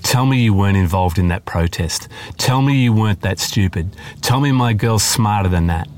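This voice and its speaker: A man voicing a middle-aged father who reasons calmly with his daughter, then turns belligerent and shaken. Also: fairly low pitch, normal speed, a little hiss or hum, natural voice. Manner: patient, then belligerent and pleading.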